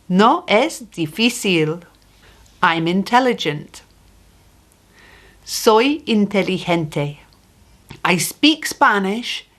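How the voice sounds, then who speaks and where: A woman teaching a beginner language lesson, saying phrases slowly and patiently and repeating them clearly. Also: mid-range voice. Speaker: Spanish teacher.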